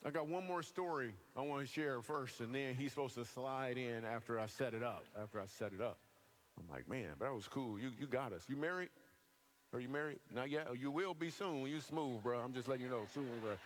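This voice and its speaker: Male preacher, 30s, storyteller type, mid-pitched, funny and earnest, live church room. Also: slight background noise. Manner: animated storyteller, bursts of quick delivery and joking asides. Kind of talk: sermon with humorous stories. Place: church auditorium, live audience.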